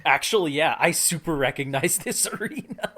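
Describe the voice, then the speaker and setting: A woman's voice: deep voice, lively intonation, moderate pace, fairly bright tone. A woman player chatting casually during a tabletop game, playful and joking.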